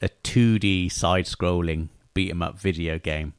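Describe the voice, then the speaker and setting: A man co-hosts a podcast and chats casually with wry humor. His voice is fairly low. It is recorded close and dry. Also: fairly even intonation, moderate pace, smooth, no echo. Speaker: podcast co-host. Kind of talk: casual chat.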